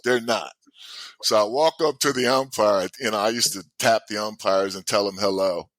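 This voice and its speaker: A man in his sixties, a former ballplayer, telling stories in a casual, animated way, laughing often and acting out the people in them. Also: fairly low pitch, normal speed, no echo. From United States. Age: 60s. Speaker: guest, former baseball player. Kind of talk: casual storytelling.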